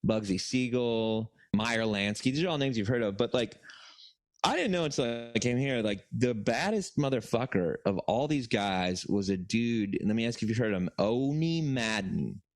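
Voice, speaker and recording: A man's voice: medium pitch, normal speed. Rambling, profane male podcast storyteller. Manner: rambling, profane, lots of fillers and restarts. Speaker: podcast co-host. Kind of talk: casual comedic storytelling.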